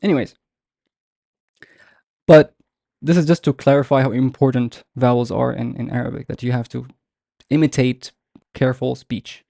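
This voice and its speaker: A young man teaching a beginners' Arabic lesson live online, patiently explaining letters and repeating example words slowly. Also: medium pitch, steady tone, creaky, warm tone, dry recording, clean studio sound.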